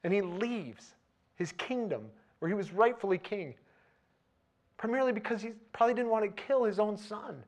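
Conversational male preacher, fairly high voice. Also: normal speed. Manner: conversational, grows animated and loud when retelling scenes. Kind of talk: sermon.

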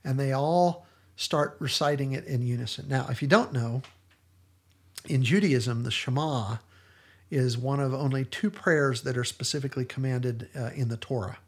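A man's voice: mid-range voice, normal speed. A man hosting a podcast, retelling scenes in an earnest, enthusiastic casual discussion. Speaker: podcast host.

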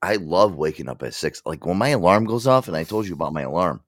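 A man's voice: deep voice, lively intonation, quick pace, no echo. A man hosting a live show, chatting in crude casual banter and teasing with profane rants. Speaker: radio show host.

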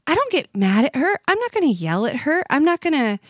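A woman's voice: high voice, very animated, a little fast, dry recording. Earnest woman guest, dry close sound. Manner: earnest and reflective, speaks from faith. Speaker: podcast guest, author. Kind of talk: conversational interview.

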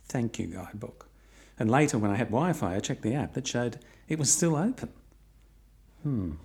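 A man's voice: medium pitch, a little mellow. A middle-aged man narrating his own long walk in a reflective way with dry, wry humour. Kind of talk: personal travel narration.

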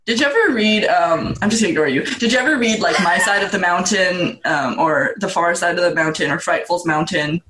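Podcast co-host, casual and rambling, relaxed humor, echoey room, slight background noise. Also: medium pitch, brisk, few pauses. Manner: meandering, hesitant with fillers, good-humored. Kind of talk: casual chat.

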